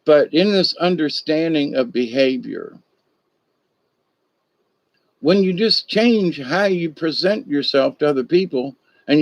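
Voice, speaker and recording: A man's voice: on the high side, no room sound. A man talking casually late at night on a livestream, rambling and acting out little dialogues in changed voices. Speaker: livestream host. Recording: dull lo-fi dry sound.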